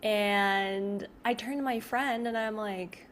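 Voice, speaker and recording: A woman talks casually straight to her audience, circling back and restarting her sentences as she goes. Her pitch sits in a middle range and she leans on "like" constantly. A faint hum of background noise sits under her voice. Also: takes it slowly, few pauses, a bit bright. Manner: rambling, heavy use of "like", frequent restarts. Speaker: video creator. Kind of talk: casual storytelling to camera.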